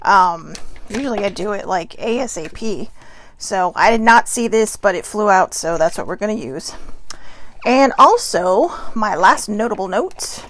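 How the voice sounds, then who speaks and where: A woman's voice: mid-range voice, animated, measured pace, fairly bright tone, no echo. A tired woman hosting her daily live video show from home on a personal mic, rambling chattily with lots of filler words and self-deprecating asides. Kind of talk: casual rambling morning chat.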